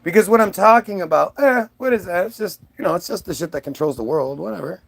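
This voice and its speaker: A man with a high voice and a gravelly rasp, ranting in a loose, rambling stream full of swearing. He breaks off and restarts his sentences often as he talks to his viewers. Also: lively intonation, fast talker. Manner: rambling, profane, many restarts. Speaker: vlogger. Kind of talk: ranting monologue.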